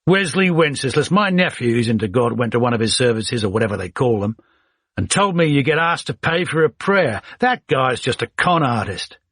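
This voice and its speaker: A man's voice: mid-range voice, lively intonation, moderate pace, a bit bright, no echo, studio quality, voice pushed up. A man doing a blunt, tough Australian lieutenant. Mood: scornful.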